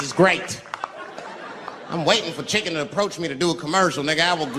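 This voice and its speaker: A man's voice: on the high side, a little fast, pauses often, a crowd in the background. A male stand-up comedian telling a profane story in a swaggering way on a large live stage. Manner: profane, swaggering, jumps between loud and quiet. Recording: live stage with long reverb and audience noise.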